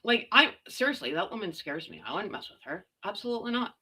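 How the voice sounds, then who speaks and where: A woman's voice: mid-range voice, big pitch swings, fast talker, sharp tone, slightly rough. A middle-aged woman from Canada, ranting in casual, blunt, sarcastic commentary with slang and mild swearing. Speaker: commentary vlogger.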